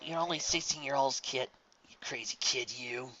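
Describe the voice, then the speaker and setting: A man's voice: medium pitch, sharp tone, lo-fi sound, natural voice. A man doing a wheezing ancient orangutan, whispery. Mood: amused. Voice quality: breathy whispery rasp. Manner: slow, wheezing, short of breath. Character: frail ancient male orangutan bar owner.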